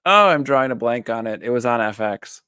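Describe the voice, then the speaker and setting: A man's voice: mid-range voice, animated, fairly quick, sharp tone, clean tone, no echo, clean studio sound. A man, a therapist, chatting casually as he reviews a TV series, rambling with lots of fillers and self-corrections.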